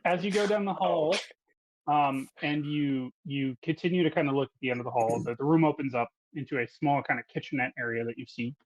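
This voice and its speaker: A man's voice: medium pitch, a little fast, dry recording, low-quality recording. A man narrating a tabletop game as game master, hesitant and full of fillers.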